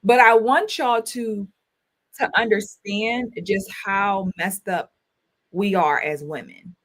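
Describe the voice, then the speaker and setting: Speaking slowly in a slightly bright, mid-range voice, a woman in her thirties hosts a relaxed livestream, addressing viewers directly, emphasizing her words and repeating phrases. She is a talk show host and a school counselor.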